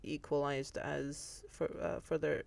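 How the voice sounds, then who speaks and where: Low-voiced woman, halting and giggly. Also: little pitch movement, creaky, darkish tone. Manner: halting, many fillers and restarts, giggly. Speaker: podcast co-host. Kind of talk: casual chat presenting researched notes.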